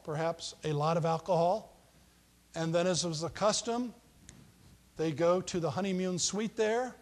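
A high-voiced man preaching as a pastor, chatty and playful, slipping into little voices for the people in the story. His voice rings out with a long reverb, as in a large hall. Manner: conversational, joking storyteller acting out quotes. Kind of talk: sermon.

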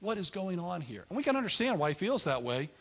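A man's voice: sits high, very animated, quick pace, a bit bright, breathy edge. A man preaching a sermon in a playful, conversational way with joking asides.

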